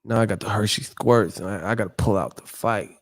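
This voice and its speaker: A man's voice: lowish voice, fairly quick, pitched below the performer's own voice. A man doing a whining boxing-legend impression. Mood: whiny. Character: mock Mike Tyson, grown man whining about a stomachache. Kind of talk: comic impression on a live stream.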